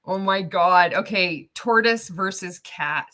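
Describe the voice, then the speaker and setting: A woman's voice: mid-range voice, slow pace, fairly bright tone. A woman hosting a casual livestream reaction, chatty and laughing often as she talks. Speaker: host.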